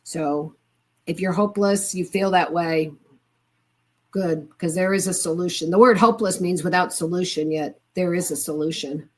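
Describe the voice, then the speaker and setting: A woman's voice: lowish voice, moderate pace, a little mellow. Older woman telling candid stories. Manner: candid, chatty, with fillers and reported dialogue. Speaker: guest. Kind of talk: casual storytelling interview.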